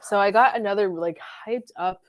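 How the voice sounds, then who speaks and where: A woman's voice: medium pitch, normal speed. A woman chatting casually on a live stream about perfumes from her bedroom, rambling with lots of fillers and giggles. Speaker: fragrance reviewer and live stream host.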